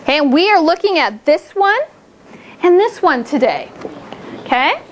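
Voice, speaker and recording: A woman teaching a phonics lesson to a small group of children, upbeat and encouraging, stretching out words slowly to model them. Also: very high-pitched, big pitch swings.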